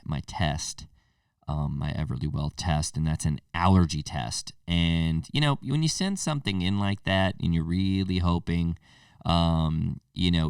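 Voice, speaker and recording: A man's voice: deep voice, a little mellow, clear, resonant tone, dry recording, clean studio sound, far from the mic. A young man hosting a podcast, rambling and swearing through a comedic monologue, now and then mimicking other people. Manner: rambling, swearing, self-mocking, puts on silly voices for others. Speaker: podcast host.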